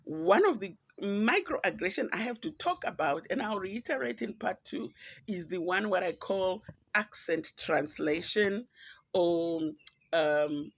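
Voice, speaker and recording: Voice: mid-range voice, expressive, unhurried, gravelly, a bit bright. A podcast host from Zimbabwe, with a Zimbabwean accent, giving earnest, reflective and pointed solo commentary. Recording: dull lo-fi, dry.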